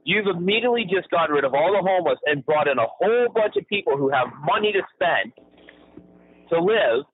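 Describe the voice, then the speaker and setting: A man's voice: a little high, a little fast, husky. A man from Ontario co-hosting a podcast, chatting casually, swearing freely and laughing often as he tells stories. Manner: profane, laughs often, animated storyteller. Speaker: podcast co-host. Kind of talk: casual chat. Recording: tinny phone-like audio.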